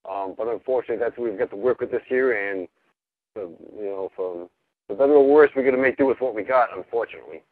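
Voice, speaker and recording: A man calling in to a radio show, calm and hesitant, stammering and pausing as he makes his point. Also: mid-range voice. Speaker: caller. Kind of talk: call-in radio chat. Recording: tinny phone line, dry.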